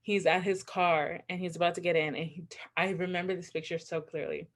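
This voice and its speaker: A woman with a somewhat low voice co-hosts a podcast and tells a personal story. She talks in a loose, chatty way, sprinkling in "like" and poking fun at herself. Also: steady tone, fairly quick. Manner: chatty, frequent "like" fillers, candid and self-mocking. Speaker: podcast co-host. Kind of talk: casual storytelling chat.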